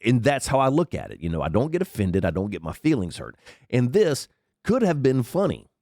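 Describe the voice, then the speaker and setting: A man hosts his own podcast while sick and congested, sniffling through a rambling, chatty commentary monologue and swearing freely into a headset mic. The cold makes his voice unusually deep; his pitch swoops wildly, the pace is a little fast, the tone a little mellow, and the sound is clean studio with no room sound.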